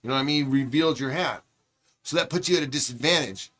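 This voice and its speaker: A man's voice: medium pitch, fast, fairly bright tone. A man chatting casually with live viewers, rambling and swearing freely in a laid-back way. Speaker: livestreamer. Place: large public train terminal.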